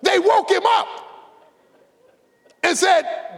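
A man preaching a fiery sermon, shouting and stretching words for emphasis, with a folksy conversational edge. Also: very high-pitched, animated, moderate pace. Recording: long hall reverb.

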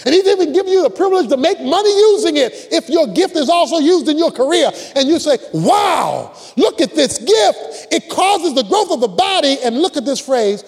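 Male pastor, emphatic repetitive sermon delivery, very lively pitch. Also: a little fast, few pauses. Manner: emphatic preaching with repetition and call-and-response. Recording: long reverb of a large hall.

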